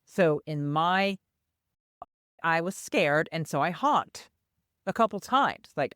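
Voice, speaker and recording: A woman's voice: low voice, slow, long pauses, no echo, studio quality. An older woman, a podcast co-host, telling a personal story and acting out the voices of the people in it. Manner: animated storyteller who acts out quoted voices.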